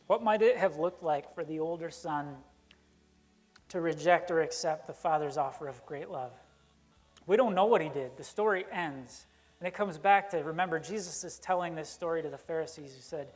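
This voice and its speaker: A man's voice: a little high, normal speed, faint music behind. A man preaching a conversational sermon in a church, acting out the characters he quotes. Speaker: pastor. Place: church sanctuary.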